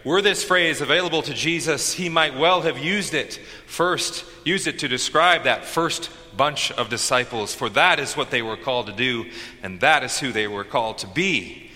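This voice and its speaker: A man preaching a sermon from a church pulpit, his voice strikingly bright and forceful. He builds with dramatic pauses and bursts of rising energy. Long reverb from the sanctuary trails behind every phrase. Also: medium pitch. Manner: dynamic preaching with dramatic pauses and shouted call-and-response lines. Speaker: pastor.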